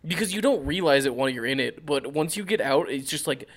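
A young man in casual podcast chat, teasing and animated. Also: fairly high pitch, fast talker.

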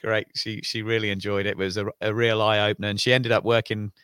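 A man's voice: on the low side, flat delivery, fast talker, a bit bright, smooth, no room sound. A British man chatting cheerfully as a guest on a casual podcast, often repeating words as he talks. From Britain. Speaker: guest, shop owner.

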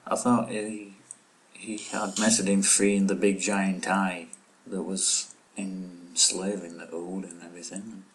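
A man co-hosting a chatty podcast, with a very deep voice. He is playful and jokey and laughs easily as he trades remarks with his partner. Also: little pitch movement, takes it slowly, rough recording. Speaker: podcast co-host. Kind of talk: casual chat.

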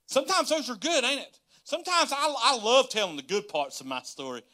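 A man's voice: very high voice, a little fast. A man, a pastor giving a casual livestream sermon full of folksy stories and laughter. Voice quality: folksy, laughing, storytelling, animated.

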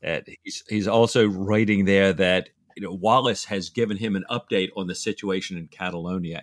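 A man's voice: low-pitched, no echo, studio quality. A man co-hosting a podcast, chatting enthusiastically about a novel, exclaiming and laughing. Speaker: podcast co-host. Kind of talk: casual book discussion.

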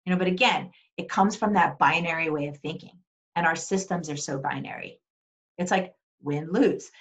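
A middle-aged woman speaking earnestly and warmly as an interview guest, with frequent restarts and fillers. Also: low voice. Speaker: interview guest, Paralympian and advocate. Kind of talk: casual conversational interview.

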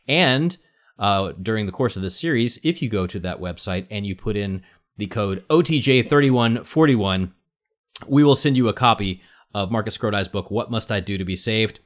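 A man hosts a casual faith podcast. His voice sits on the low side, and he keeps things light and playful, teasing his co-hosts. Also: lively intonation, normal speed. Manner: playful, joking. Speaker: podcast host. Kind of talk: casual talk show hosting.

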